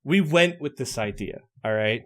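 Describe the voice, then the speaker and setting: Just some guy hosting a podcast, voice all over the place, super animated, laughs a bunch. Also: medium pitch, moderate pace. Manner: animated storytelling, laughs often. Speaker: podcast host running a party game. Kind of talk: casual chat.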